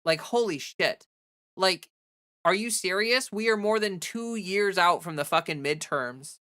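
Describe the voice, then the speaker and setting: Woman streamer ranting, bright clear voice, says like constantly, keeps restarting. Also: lowish voice, measured pace. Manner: animated, heavy use of "like", frequent restarts. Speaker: livestream host. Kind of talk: casual livestream rant.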